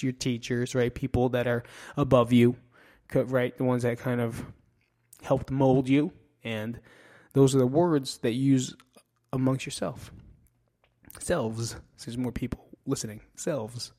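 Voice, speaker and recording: A man in his thirties talks loosely and bluntly, swearing freely and poking fun at himself. His pitch sits in the ordinary middle range for a man, and his thoughts ramble along with frequent restarts. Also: steady tone, measured pace, darkish tone. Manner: blunt, profane and self-mocking. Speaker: podcast host. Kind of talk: casual podcast monologue.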